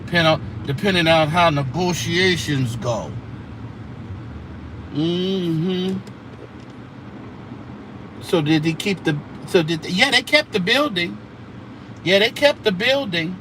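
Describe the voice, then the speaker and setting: Against outdoor traffic noise, a man hosts casual church gossip commentary in a sassy drawl, mockingly mimicking the people he discusses. His voice is high-pitched, his pace slow, with long pauses.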